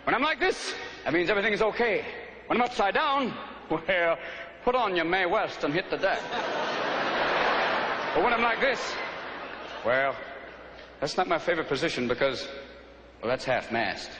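A man voicing a wistful, patriotic talking flag with a high, bright, lively voice. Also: moderate pace, pauses often, roomy sound, long reverb tail, noisy background. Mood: cheerful rueful. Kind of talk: comic voice acting.

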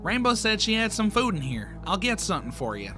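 A man's voice: high-pitched, big pitch swings, fairly quick, music in the background. A man voicing a protective young farm mare from a fan comic, urgent and scared.

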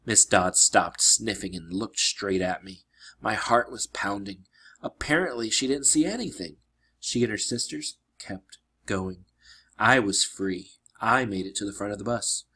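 A man reading a children's adventure novel aloud, narrating expressively with dramatic slowdowns. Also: lowish voice, animated, sharp tone, breathy edge. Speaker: reader. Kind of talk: storybook read-aloud.

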